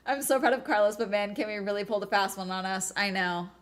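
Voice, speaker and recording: Excitable woman live-streaming a watch-along. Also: medium pitch, fast. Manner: excitable, chatty, bursts of cheering and laughter; swears casually. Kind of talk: live casual commentary.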